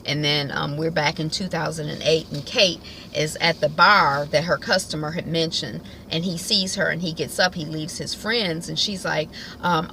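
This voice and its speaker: A woman's voice: low voice, steady tone, moderate pace, gravelly, hardly any pauses, sharp tone, slight background noise, poor audio. A woman at home giving a casual, colloquial recap of a TV episode, chatting and acting out the characters' lines. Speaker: TV recap vlogger.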